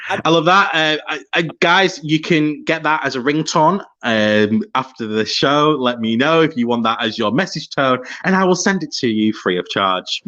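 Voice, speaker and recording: A man's voice: a little high, animated, normal speed, few pauses, sharp tone, muffled recording. A man hosting a casual podcast interview, enthusiastic and teasing his guest. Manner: enthusiastic, teasing, laughs a lot. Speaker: podcast host.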